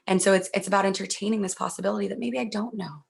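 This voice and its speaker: A young woman giving an earnest, reassuring talk at a virtual event, speaking gently about communication. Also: medium pitch, steady tone, racing, gravelly, breathy edge. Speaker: workshop speaker.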